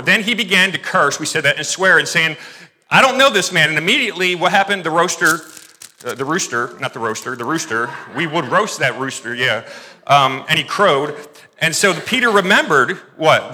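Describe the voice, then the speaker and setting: A pastor preaching a sermon, reading scripture and breaking off into quick asides and self-corrections. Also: male voice, a little high, bright, forceful tone.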